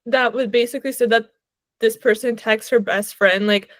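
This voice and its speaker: A woman co-hosting a book podcast, telling stories in an animated, filler-heavy way and laughing often. Her voice sits slightly high. The sound is close and dry, with no room echo. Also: normal speed. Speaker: podcast co-host. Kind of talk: casual chat about books.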